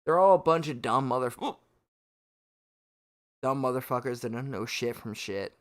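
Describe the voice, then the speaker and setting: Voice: mid-range voice, expressive, measured pace. A drunken livestream rant from a streamer a few shots in. The voice swings widely up and down, loaded with curses and exasperation, and broken by hiccuping gasps between words. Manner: swearing, exasperated ranting. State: tipsy from shots.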